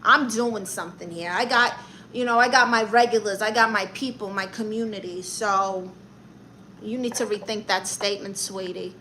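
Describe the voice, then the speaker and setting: Her natural, medium-pitched voice is bright and forceful, with fairly even intonation and a little background noise. Speaking in a Brooklyn New York accent, she plays a brash aunt posing as a therapist, reading livestream viewer comments on a comedy stream and snapping back with sassy, brassy quips.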